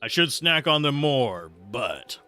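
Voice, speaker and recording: A man's voice: mid-range voice, sing-song, slow pace, bright, forceful tone. A man casually chatting through his own livestream while playing a game, rambling and laughing at his own jokes. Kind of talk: casual livestream gameplay commentary.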